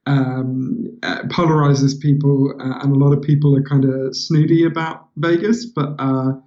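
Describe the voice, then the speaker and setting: A British author as an interview guest, telling stories in a lively, animated way and laughing between lines. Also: male voice, mid-range voice, normal speed, highs cut off. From Britain. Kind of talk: casual interview chat.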